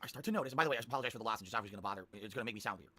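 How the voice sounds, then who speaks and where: A man telling a long rambling story to his stream viewers, animated and repeating himself. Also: on the low side, racing, slightly rough.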